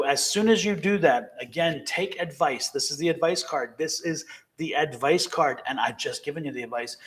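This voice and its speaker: A man giving live-streamed tarot readings, emphatic and encouraging, repeating key phrases to viewers. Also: on the high side. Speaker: tarot reader.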